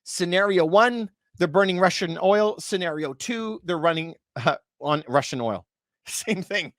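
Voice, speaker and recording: A man's voice: sits high, a little slow, a bit bright, no room sound, clean studio sound. A man, hosting a casual commentary video for viewers and talking in an emphatic, repetitive way. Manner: emphatic and repetitive, often calls things unbelievable. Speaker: real estate video host.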